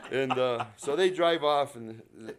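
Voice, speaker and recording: A man from northern New Mexico spins a personal tale for a live audience in a library room. He plays both sides of each exchange and laughs along with his own story. His voice sits at an ordinary middle pitch. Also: takes it slowly, noisy background. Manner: lively, acts out both sides of a dialogue, chuckles often. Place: public library event room.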